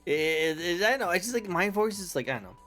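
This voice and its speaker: Goofy American talk show host. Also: male voice, high-pitched, big pitch swings, fairly quick, a bit bright, faint music behind. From United States. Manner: goofy, repeats himself, trailing mumbles. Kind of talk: casual interview hosting.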